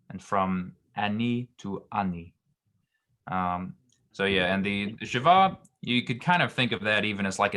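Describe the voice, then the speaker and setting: A man teaching grammar in a very low, deep voice. He explains patiently and haltingly, with frequent ums and restarted phrases. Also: a bit bright. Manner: hesitant, many ums and restarts. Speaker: Hebrew grammar tutor.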